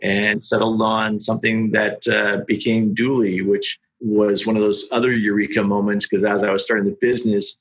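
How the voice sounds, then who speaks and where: A middle-aged man, a startup founder, telling his story in a casual podcast interview with quick, animated delivery. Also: fairly low pitch, breathy edge. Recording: dull lo-fi sound.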